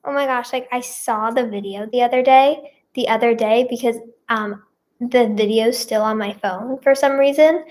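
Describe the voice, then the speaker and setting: A woman's voice: a little high, normal speed, a little mellow. A woman vlogger chatting casually through a storytime, rambling with lots of fillers and repeats, and leaning dramatically on her feelings. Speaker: singer and vlogger.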